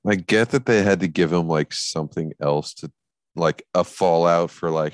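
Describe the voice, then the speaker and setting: Man, casual podcast co-host, very low voice, laid-back and blunt, dry mic. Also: measured pace, dry recording. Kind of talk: casual film review chat.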